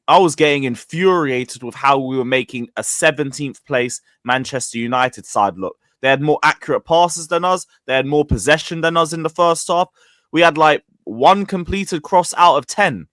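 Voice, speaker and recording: A man's voice: mid-range voice, fairly bright tone, dry recording. A man hosting a casual football stream, frank and ranting, with swearing.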